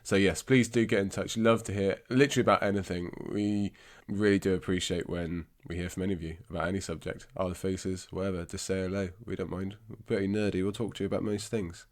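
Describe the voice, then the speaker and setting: Low-pitched and fairly even, this Englishman's voice comes quickly with few pauses. He hosts a book podcast, sounding congested with a scratchy throat as he chats about books in a rambling, self-deprecating manner.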